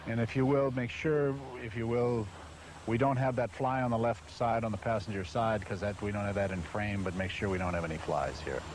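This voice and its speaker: A man's voice: fairly low pitch, fairly even intonation, a little fast, a little hiss or hum. A short-tempered man reading lines for a promotional film, cursing and flustered each time he forgets a line. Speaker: spokesman filming a promotional video. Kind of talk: outtakes from a scripted promotional shoot. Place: in and around a vehicle on a hot set.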